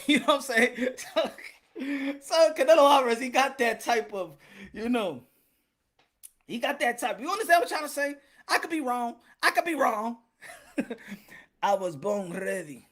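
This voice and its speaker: High, lively, laughing boxing show host. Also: male voice, normal speed, pauses often. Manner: animated, laughing, profane, greets viewers. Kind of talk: casual livestream commentary.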